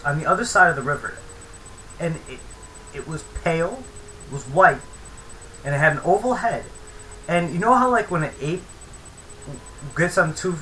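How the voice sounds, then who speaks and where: A man's voice: mid-range voice, pushed and bright, slight background noise, poor audio. A young man telling a rambling, profane story in a casual vlog. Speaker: vlogger.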